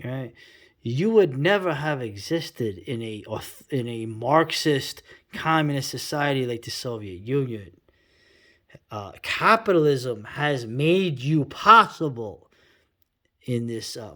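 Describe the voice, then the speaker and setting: A man's voice: mid-range voice, a bit bright. A middle-aged man giving a rambling, sarcastic reaction commentary, full of fillers and restarts.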